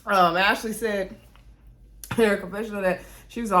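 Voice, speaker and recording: A woman giving a casual, chatty recap of a reality TV episode, full of sassy asides and big swings in pitch. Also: steady tone, moderate pace, bright, forceful tone.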